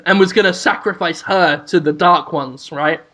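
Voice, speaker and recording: A man co-hosting a comedy podcast, pitching a made-up film in a rambling, animated way. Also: moderate pace. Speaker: podcast co-host. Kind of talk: comedic storytelling chat.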